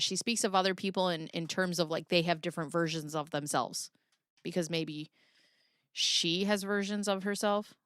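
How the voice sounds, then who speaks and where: A woman's voice: lowish voice, fairly bright tone, clear, resonant tone, no echo, studio quality. A woman hosting a casual commentary show, reading documents aloud and adding sarcastic remarks. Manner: sarcastic, reads texts aloud with wry asides. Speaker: commentary channel host.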